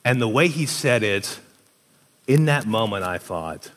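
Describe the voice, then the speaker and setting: A man's voice: lowish voice, unhurried. A young man giving casual relationship advice, telling stories and acting out the voices of people he quotes. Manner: animated storyteller, acts out quoted voices. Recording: long hall reverb.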